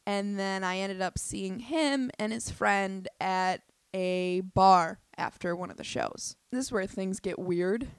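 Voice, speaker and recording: A young woman telling a story in a casual, animated way, swearing often and restarting her sentences. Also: medium pitch, slow pace, few pauses, clear, resonant tone, no echo. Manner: animated, profane, lots of fillers and restarts.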